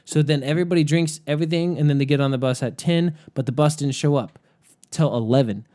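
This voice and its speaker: A man telling a story in casual chat. He is animated, laughs often and says "like" all the time. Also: on the high side, fast. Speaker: podcast guest storyteller.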